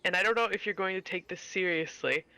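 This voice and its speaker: A man playing a tabletop game, speaking in a hesitant, halting, earnest way. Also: sits high, pushed and bright, smooth, dry recording. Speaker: player. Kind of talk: casual tabletop play.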